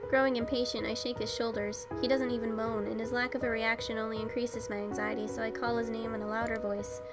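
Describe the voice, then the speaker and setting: A woman's voice: on the high side, flat delivery, fairly quick, poor audio. Woman reading a visual novel aloud. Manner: first-person narration, occasional self-corrections. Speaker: game let's player. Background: game music.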